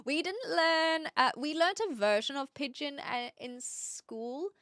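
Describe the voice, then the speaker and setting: A woman's voice: sits high, expressive, measured pace, a bit bright, no room sound, studio quality. A woman from New Zealand with a New Zealand accent, chatting casually on her stream and reading out viewer comments, explaining things with lots of fillers. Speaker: livestream host.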